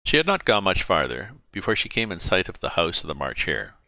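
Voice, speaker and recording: A man reading a classic children's novel aloud as storyteller, in an animated, expressive way. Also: low voice, brisk, no room sound.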